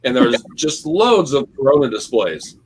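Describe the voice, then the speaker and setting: A man's voice: medium pitch, very animated, moderate pace. A man co-hosting a casual podcast, telling stories animatedly to friends, with a faint background hiss. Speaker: co-host of a reselling podcast. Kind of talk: casual chat among friends.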